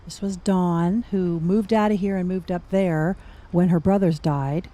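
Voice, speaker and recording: A woman's voice: fairly low pitch, fairly even intonation, unhurried, warm tone. A middle-aged woman giving casual gameplay commentary, chatty and thinking aloud with wry asides. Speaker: gaming streamer.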